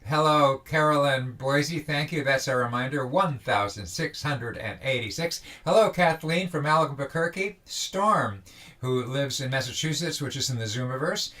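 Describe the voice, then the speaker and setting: Man, host, bright tone, halting casual chat, video call. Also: mid-range voice. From Vermont. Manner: halting, many restarts and fillers. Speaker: host of a daily online singalong. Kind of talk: casual chat, greeting viewers.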